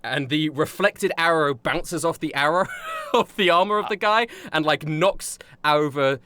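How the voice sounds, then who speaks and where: A man's voice: fairly high pitch, unhurried, sharp tone, a little hiss or hum. A man running a tabletop game as dungeon master, narrating loosely with lots of fillers and laughter.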